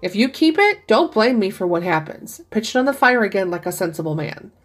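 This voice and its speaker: A grave, weary old sergeant major , as a woman reads him, speaks slowly and solemnly. The voice is husky and sits mid-pitch, with faint music behind. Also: big pitch swings. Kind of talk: storybook reading.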